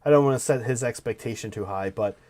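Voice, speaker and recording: Casting: relaxed, rambling co-host, loose and offhand livestream chatter. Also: medium pitch, fast. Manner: rambling, loose, swears casually. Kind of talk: casual livestream chat.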